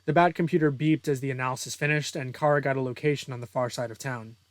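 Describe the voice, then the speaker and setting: A man's voice: mid-range voice, steady tone, fast talker, dry recording. Brief: young male author, casual read-through with chatty notes, dry sound. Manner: casual, self-deprecating asides with fillers. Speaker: author reading his own story.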